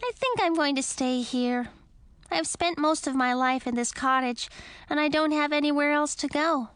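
A woman's voice: moderate pace, fairly bright tone, no echo. Lil, a woman doing a chirpy female bat. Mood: resigned. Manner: high chirpy voice. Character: kindly fretful female talking bat.

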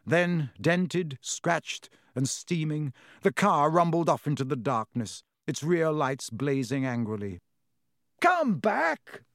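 A male narrator reads an adventure story with vivid, expressive delivery. His voice sits a little high for a man. The sound is dry and close to the mic. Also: dry recording. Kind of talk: dramatic audiobook narration.

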